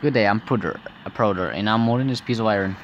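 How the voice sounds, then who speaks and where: A man's voice: on the low side, fast talker, muffled recording, a little hiss or hum, close to an everyday voice. A man voicing a cheerful game smith. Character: friendly grown man, a metal smith.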